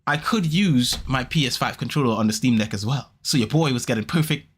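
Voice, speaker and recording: A man hosting a podcast, telling a story in casual chat, rambling and animated, with quick restarts and repeats. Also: medium pitch, slightly rough. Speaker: podcast host.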